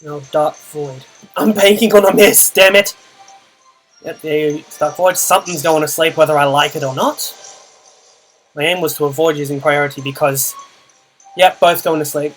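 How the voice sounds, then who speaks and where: A man's voice: on the high side, fairly even intonation, moderate pace, a bit bright, faint music behind, poor audio. A young man giving a dry, muttered running commentary on his own game, groaning at setbacks. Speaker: channel host and player. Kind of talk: live gameplay commentary.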